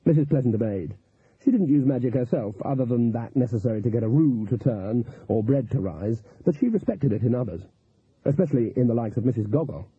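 Man, audiobook narrator, husky voice, lively and animated delivery, tinny phone-like audio. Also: mid-range voice, brisk, dry recording. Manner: expressive, lively storytelling.

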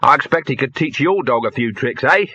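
Guy doing a nervous fussy assistant, fretting, bright husky voice. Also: medium pitch, expressive, a little fast, no echo. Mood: chatty. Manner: uncertain, fretful. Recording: dull lo-fi.

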